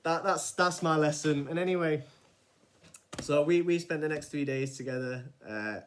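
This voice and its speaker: A man, casually telling a personal story in a rambling, animated way, with frequent restarts and some swearing. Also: a little high, normal speed, a little hiss or hum. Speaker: vlogger.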